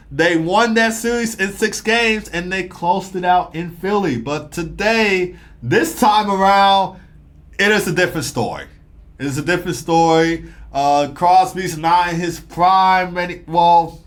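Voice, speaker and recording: A young man giving a casual, rambling hockey game recap, talking fast with lots of fillers and excited bursts. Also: fairly high pitch. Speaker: sports commentator.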